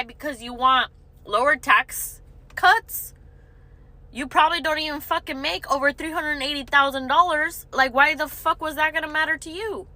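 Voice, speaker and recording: A woman's voice: high-pitched, bright, forceful tone, poor audio. A woman giving a blunt, exasperated, profane opinion in a casual chat.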